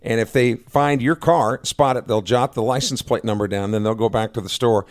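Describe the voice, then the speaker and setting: A man co-hosting a casual radio talk show in an easygoing way, chiming in with quick reactions. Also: mid-range voice, steady tone. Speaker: radio co-host. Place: radio studio. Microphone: studio mic.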